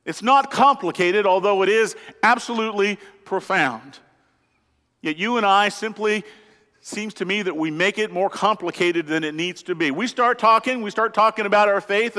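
A man's voice: high voice, pushed and bright. A man preaching a sermon as pastor, earnest and emphatic, asking the congregation rhetorical questions. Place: church sanctuary. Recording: church hall with long reverb.

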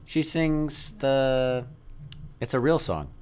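A man's voice: mid-range voice, clear, resonant tone. A man co-hosting a casual chat, laughing often and arguing his points back. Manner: quick to laugh, animated, interjects and argues back.

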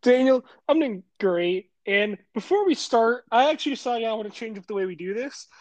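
A man's voice: extremely high pitch, animated, fairly quick, no room sound. A young man co-hosting a casual podcast, heated and given to profane rants. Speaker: podcast co-host.

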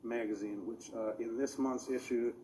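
A man's voice: mid-range voice, fairly even intonation, normal speed, dark tone, slight background noise, rough recording. A man giving earnest, rambling, technical testimony as a public commenter at a meeting.

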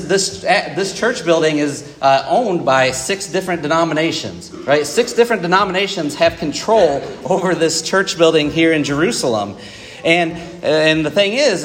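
Chatty preacher, higher voice, echoing church. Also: male voice, fairly bright tone. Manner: conversational, many fillers and asides to the congregation. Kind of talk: sermon. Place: church auditorium.

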